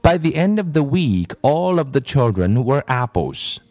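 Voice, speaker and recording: A man's voice: mid-range voice, big pitch swings, measured pace, a little mellow, dry recording. A man reading a children's story aloud, in a storyteller's reading manner.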